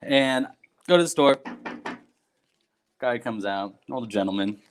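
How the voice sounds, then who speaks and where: A man hosting a casual sports talk show, animated and laughing often while telling stories. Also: medium pitch, measured pace. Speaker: podcast host.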